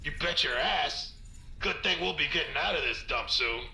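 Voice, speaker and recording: A man's voice: a little high, expressive, normal speed, vocal fry, bright, forceful tone, echoey room, slight background noise, heavily acted. A man voicing a rude, boastful tenant in a rundown building in a video game, talking in a dismissive, crude way.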